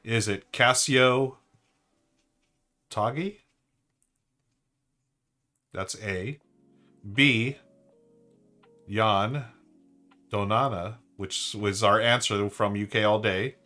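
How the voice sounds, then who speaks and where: A man's voice: on the low side, extremely slow, pauses often, bright, forceful tone, soft background music. A man hosting a live-stream trivia board game, chatting upbeat and thinking aloud to his viewers.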